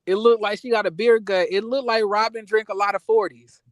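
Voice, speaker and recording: A man's voice: high voice, fairly even intonation, fairly quick, no room sound. A man co-hosting a casual chat, with dry offhand jokes.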